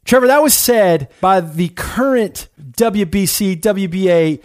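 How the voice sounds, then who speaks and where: A man's voice: sits high, expressive, measured pace, dry recording, studio quality. A man hosting a casual sports talk show, steering the talk and putting questions to his co-hosts. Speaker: host.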